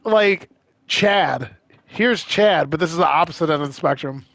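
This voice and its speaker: A man's voice: a little high, moderate pace, fairly bright tone, no room sound. Profane rambling male gaming streamer. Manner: profane, laughing, rambling anecdotes. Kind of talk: casual storytelling while gaming.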